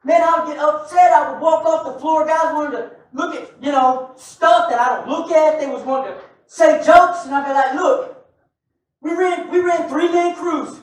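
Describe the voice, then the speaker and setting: A male preacher delivering a lively sermon, joking with and calling out to his congregation. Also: very high-pitched, moderate pace. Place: church sanctuary. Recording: very echoey church hall, mic far off.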